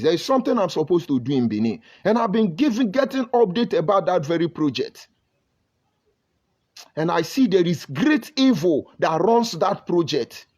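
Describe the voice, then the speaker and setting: Nigerian guy ranting on a livestream, kinda high voice, dull muffled audio. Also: a little mellow, husky. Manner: emphatic, preachy, reads viewer comments aloud. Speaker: online broadcaster. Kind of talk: live-stream commentary.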